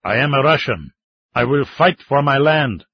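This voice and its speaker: A man voicing a stubborn old Russian hunter and war veteran who refuses to leave his land, speaking gruffly in a raised voice. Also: medium pitch, expressive, normal speed, no echo. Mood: defiant. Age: older. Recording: dull, slightly muffled audiobook sound.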